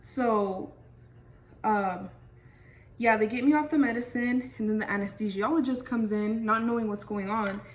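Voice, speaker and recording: A young woman vlogger does a casual storytime in a somewhat high voice at a moderate pace. She's chatty, full of fillers, and keeps saying "freaking." Her voice sounds a bit far from the mic.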